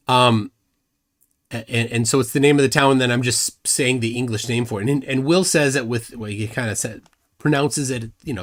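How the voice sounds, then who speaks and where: A middle-aged man hosting a live stream, rambling and self-deprecating with many restarts. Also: mid-range voice. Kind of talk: casual live commentary.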